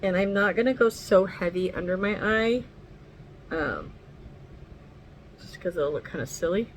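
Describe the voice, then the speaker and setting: A woman's voice: medium pitch, expressive, unhurried, slight background noise, poor audio. A woman chatting casually through a makeup tutorial at home, rambling and swearing now and then. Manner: talks sweetly to her dog. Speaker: makeup vlogger.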